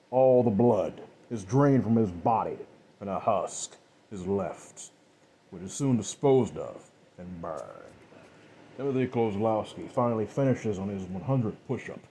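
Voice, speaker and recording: Husky-voiced man narrating a dark tale. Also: on the low side. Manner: rambling, with restarts and asides. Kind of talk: improvised story narration.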